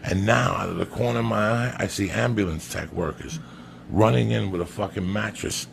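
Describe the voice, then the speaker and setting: A man's voice: on the low side, fairly quick, vocal fry, background noise. A man telling a crude, comic story on a podcast, swearing often and calling his listener by name. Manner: profane, emphatic, keeps addressing the listener by name.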